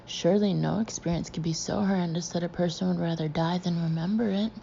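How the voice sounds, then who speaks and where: A woman reading a suspense novel aloud in a low, mellow, measured voice. The recording is dull and lo-fi, with a faint hiss underneath. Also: fairly even intonation, creaky. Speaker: audiobook narrator. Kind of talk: scripted narration.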